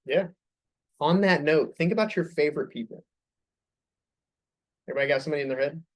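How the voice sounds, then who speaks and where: A man's voice: fairly high pitch, brisk. A young man leading a sales staff meeting, coaching the group with upbeat questions.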